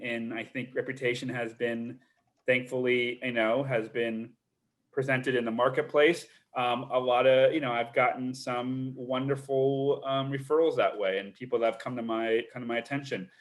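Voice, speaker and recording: A man's voice: medium pitch, level tone, normal speed. A middle-aged man, a literary agent, answering questions in a live online Q&A in an earnest way, often repeating words as he thinks.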